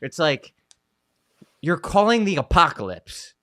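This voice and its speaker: Animated storytelling man, dry close sound. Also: a little high, measured pace, no room sound. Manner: animated storytelling, many fillers and restarts. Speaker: co-host, Catholic psychologist. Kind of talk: casual conversational commentary.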